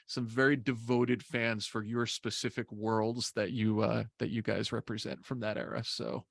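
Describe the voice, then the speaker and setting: Upbeat guy hosting an interview, mid pitch, dry close sound. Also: level tone, normal speed, vocal fry, a bit bright, no room sound. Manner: upbeat and eager. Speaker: host.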